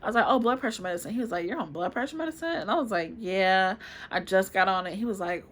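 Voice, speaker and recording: A woman in her twenties telling a personal story to camera in a chatty, expressive way, often calling out to viewers. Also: medium pitch, fast, a little hiss or hum. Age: 20s. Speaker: vlogger.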